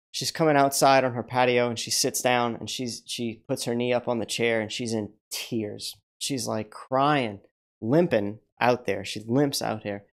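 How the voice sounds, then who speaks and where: A man's voice: medium pitch, steady tone, a little slow. A man hosting a livestream, telling stories casually. He rambles, restarts often, swears now and then, and acts out the people in his stories. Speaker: livestream host.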